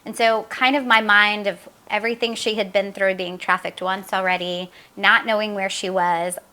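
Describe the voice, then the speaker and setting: A middle-aged woman, a mother recounting her daughter's story in an interview, earnest and halting, with fillers and re-enacted dialogue. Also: mid-range voice, fairly even intonation, bright, forceful tone. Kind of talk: emotional personal account in an interview.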